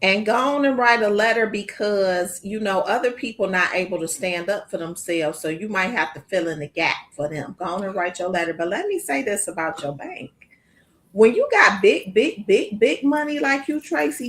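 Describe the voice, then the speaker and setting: A woman's voice: medium pitch, animated, normal speed, a bit bright, slight background noise. A woman co-host chatting casually and affirming her friend with advice. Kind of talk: casual chat.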